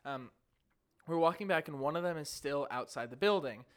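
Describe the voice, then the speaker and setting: A man's voice: fairly high pitch, moderate pace. A young man from St. Louis telling a story on a casual podcast, acting out the people he met. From St. Louis, Missouri. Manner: animated, acts out voices in his stories. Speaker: podcast co-host.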